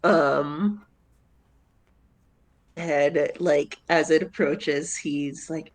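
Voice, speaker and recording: A woman player in a tabletop game describes what her character does. She speaks slowly, with a slightly low voice, in a hesitant, amused way full of fillers.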